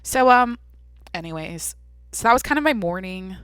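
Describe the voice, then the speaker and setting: A young woman talks straight into a podcast microphone, hopping from one aside to the next and swearing freely. Her voice is bright and a little sharp. The sound is close and dry, with no room around it. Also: mid-range voice, expressive, normal speed, smooth, dry recording. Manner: rambling, profane, self-interrupting storytelling. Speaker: podcast host. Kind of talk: solo podcast monologue.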